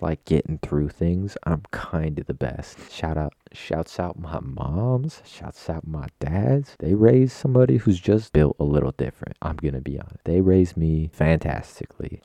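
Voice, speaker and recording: A man's voice: rumbling low, mellow, no room sound. A young man hosting a podcast on his own, chatting casually at his desk in a rambling, digressive, self-mocking way. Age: young adult. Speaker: podcast host. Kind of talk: casual solo chat.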